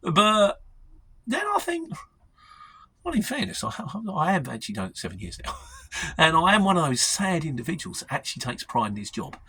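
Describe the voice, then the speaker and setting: A man's voice: a little high, huge pitch swings, fairly quick, pushed and bright, a little hiss or hum. A middle-aged man with a London Mockney accent, chatting casually and self-deprecatingly as he answers viewer questions on his vlog. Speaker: lorry driver vlogger.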